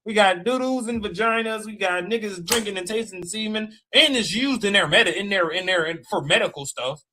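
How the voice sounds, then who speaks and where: A man's voice: high voice, a little fast, noisy background. A man in a heated livestream rant, mocking and challenging, repeating his dares. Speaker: live stream guest debater. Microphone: live stream call mic.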